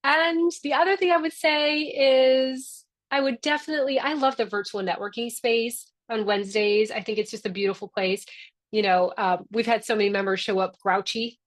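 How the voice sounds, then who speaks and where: A woman, the founder hosting a membership session, talking in a chatty, upbeat and encouraging way over a video call. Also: mid-range voice. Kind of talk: casual webinar talk.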